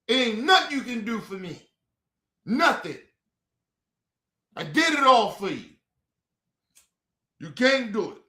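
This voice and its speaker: A man's voice: very high voice, very animated, takes it slowly, pauses often, sharp tone, echoey room. A man streaming a heated, profane rant, repeating himself over and over to his viewers. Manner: profane and repetitive, talking to the viewers.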